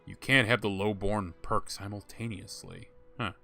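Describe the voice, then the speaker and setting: A man's voice: lowish voice, steady tone, normal speed, creaky, pushed and bright, faint music behind. A young man casually commenting while he plays a game, thinking aloud and laughing at himself. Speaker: streamer playing a game.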